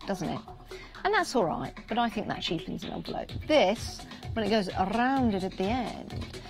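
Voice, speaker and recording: Chatty English Midlands woman selling on air. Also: medium pitch. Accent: English Midlands or Northern. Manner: chatty, upbeat, repeats prices and counts for emphasis. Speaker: shopping channel presenter. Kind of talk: live TV product selling. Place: TV studio.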